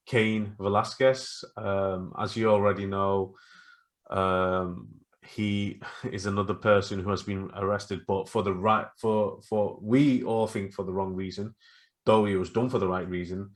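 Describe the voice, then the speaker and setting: A man co-hosting a casual podcast, retelling stories with lively acted-out quotes. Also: fairly low pitch, unhurried. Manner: animated storytelling, acts out quotes. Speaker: podcast co-host. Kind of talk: casual chat.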